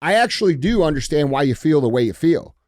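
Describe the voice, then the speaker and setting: A man's voice: a little high, very animated, quick pace, a little mellow, dry recording, clean studio sound. A man co-hosting a podcast in casual, blunt talk, dropping "bro" and swearing. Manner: blunt, profane, says bro and dude. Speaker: podcast host.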